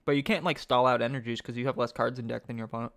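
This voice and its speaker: With a medium pitch, vocal fry and rapid-fire delivery, a man excitedly covers a card game tournament on stream, reasoning aloud and regularly quizzing his chat.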